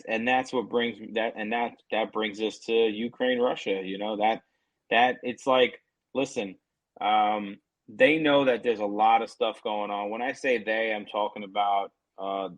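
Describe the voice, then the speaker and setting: Profane, animated male podcast co-host. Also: on the low side, no room sound, highs cut off. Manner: profane, animated, mocking voices of others. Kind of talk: casual heated chat. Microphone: remote call.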